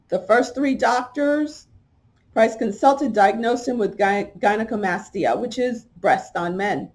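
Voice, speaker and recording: A woman's voice: mid-range voice, a little mellow. A woman hosts a talk show and comments on an article as she reads it aloud. She talks straight to her listeners, often asking them questions. She stresses her points by repeating key words. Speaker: podcast host. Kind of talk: commentary while reading from an article.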